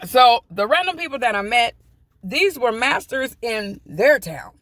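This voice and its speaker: Bright-voiced woman telling a story. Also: on the high side, measured pace, dry recording. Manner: chatty, animated, acts out quoted people. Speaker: vlogger. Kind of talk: casual storytime.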